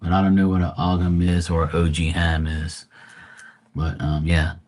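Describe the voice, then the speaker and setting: A man with a lowish voice hosts a live tarot stream. He reads the card text out slowly, then rambles about it in a loose, offhand way full of "you know" and "like.". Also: completely flat delivery, darkish tone. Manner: casual, rambling with many fillers. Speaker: tarot reader.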